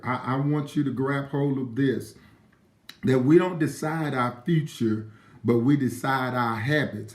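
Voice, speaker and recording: A man speaks at a middle pitch with an emphatic, preacher-like cadence, hammering home each point as he talks to his live-stream viewers and greets them by name. His voice carries the ring of an echoey room. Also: a little mellow. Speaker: motivational live-stream host. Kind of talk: live-streamed motivational talk.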